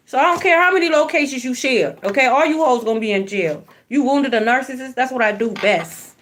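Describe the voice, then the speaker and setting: A woman's voice: a little high, lively intonation, fairly quick, a bit bright. A woman giving a spiritual card reading, blunt and profane, preaching and repeating phrases for emphasis. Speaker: tarot card reader.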